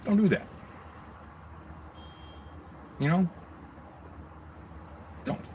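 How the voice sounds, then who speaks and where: A man's voice: sits high, takes it slowly, muffled recording, a little hiss or hum. A man ranting on his own channel, rambling and swearing heavily, with mocking asides. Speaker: video blogger. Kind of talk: angry profane rant.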